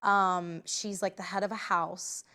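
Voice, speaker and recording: A woman's voice: on the low side, level tone, unhurried, bright, forceful tone. Enthusiastic woman co-host. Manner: enthusiastic, chatty, laughs easily. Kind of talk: casual recap chat.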